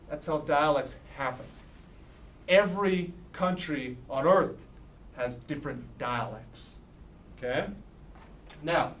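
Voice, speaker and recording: A man with a Philadelphia accent teaching a class, constantly asking "okay?" and "right?" as he goes. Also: on the high side. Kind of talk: classroom lesson. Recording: echoey classroom, mic far off, faint room noise.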